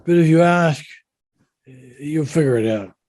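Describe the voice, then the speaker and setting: An older man, a yacht designer, telling an anecdote in an unhurried conversational way. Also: fairly high pitch, a little mellow, no room sound. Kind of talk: storytelling in conversation.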